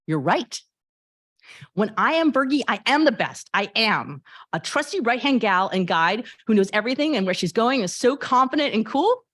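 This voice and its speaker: Brief: woman doing a 13-year-old girl, eager and rushed, confiding, voice lifted above her low own pitch, dry sound. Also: big pitch swings, fairly bright tone, dry recording. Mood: excited. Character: anxious grieving thirteen-year-old girl cosplayer.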